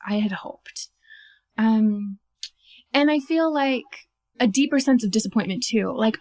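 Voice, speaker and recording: A woman tells a true story on stage in a slightly high voice. She is animated and self-mocking, sprinkling in "like" and laughing at her own lines. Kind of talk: first-person stage storytelling.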